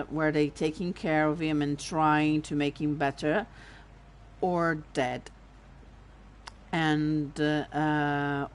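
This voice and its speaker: A young woman with an Italian accent, host of a let's play, commenting on a game in an emotional, rambling way and swearing. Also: sits low. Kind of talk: casual gameplay commentary.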